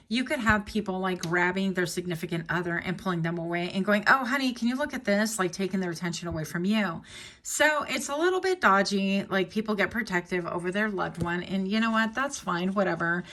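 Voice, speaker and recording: A woman's voice: lowish voice, a bit bright. A woman giving a rambling, chatty tarot reading to camera, with jokey asides. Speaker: tarot reader.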